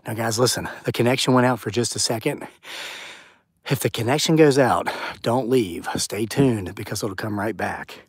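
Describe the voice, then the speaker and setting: Man, casual live-stream host, outdoors by the woods, dry close sound, chatty, mid pitch. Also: normal speed, slightly rough, dry recording. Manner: chatty, reads viewer comments aloud. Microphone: phone or camera on a tripod.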